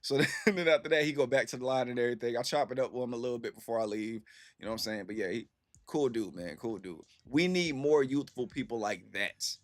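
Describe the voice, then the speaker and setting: Fast-talking man chatting loosely. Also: medium pitch, no room sound. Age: 30s. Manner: rambling, slangy storytelling with many fillers. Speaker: streamer answering chat. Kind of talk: casual livestream chat.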